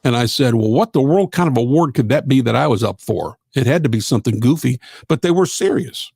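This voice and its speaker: A man's voice: mid-range voice, lively intonation, fairly quick, gravelly, dark tone, slightly rough, no echo. A middle-aged man, hosting a live gospel radio show in a folksy, rambling way with lots of fillers. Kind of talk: casual live-stream chat.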